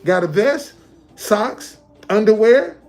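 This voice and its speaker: A man's voice: high-pitched, animated, takes it slowly, soft background music. Man repeating himself on a livestream. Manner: repetitive, loose conversational, restates points. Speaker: live streamer. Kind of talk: casual livestream talk. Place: hotel.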